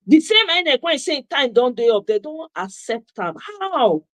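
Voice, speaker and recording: A woman's voice: sits high, very animated, normal speed, no echo. A woman with a Nigerian accent delivering an impassioned monologue, repeating herself for emphasis and slipping into Pidgin asides. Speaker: commentator. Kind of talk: passionate monologue.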